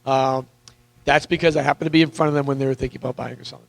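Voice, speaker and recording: A man coaching real estate agents in a live seminar, energetic and repetitive, questioning the audience, with a voice that is wearing out. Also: medium pitch, rapid-fire, gravelly, no room sound, low-quality recording. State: losing his voice.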